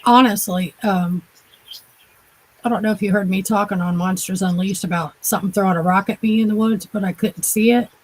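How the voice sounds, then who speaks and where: A woman's voice: mid-range voice, fairly even intonation, brisk, slightly rough, rough recording. A woman hosting an interview, asking questions and chatting in an easygoing way. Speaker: podcast host.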